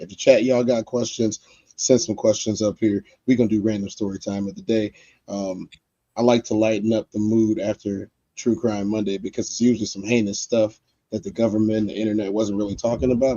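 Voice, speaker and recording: A man's voice: fairly low pitch, flat delivery, brisk, dark tone, no echo, dull audio. A man hosting a livestream, chatting loosely and speaking straight to his viewers. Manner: loose, talks straight to chat, lots of fillers. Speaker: livestream host. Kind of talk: casual livestream chat.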